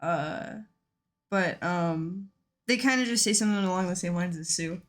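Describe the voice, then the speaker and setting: A woman's voice: fairly low pitch, moderate pace. A woman playing a tabletop game, describing what her character does in casual, blunt talk. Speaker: player.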